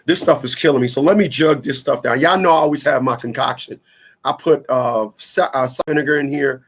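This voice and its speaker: A man's voice: mid-range voice, fairly bright tone. A man from Newark, hosting a radio talk show in a blunt, rambling, preachy monologue full of slang. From Newark, New Jersey.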